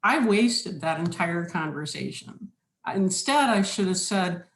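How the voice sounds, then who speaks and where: A woman giving a slide presentation, speaking in a measured, instructive way with deliberate pauses. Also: on the low side, expressive. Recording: roomy echo.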